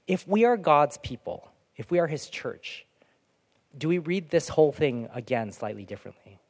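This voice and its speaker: A man preaching a sermon as pastor, lively and animated, dropping to soft, near-whispered prayer lines. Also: a little high, normal speed, gravelly. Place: church hall. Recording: long hall reverb.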